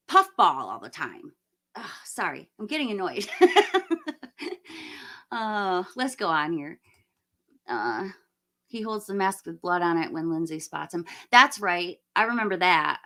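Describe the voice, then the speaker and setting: A woman in her forties hosts a casual live stream with a bright, forceful voice. She talks bluntly and with strong opinions, often ranting with a laugh in it. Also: mid-range voice, big pitch swings, a little slow. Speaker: livestream host. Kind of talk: casual live movie review chat.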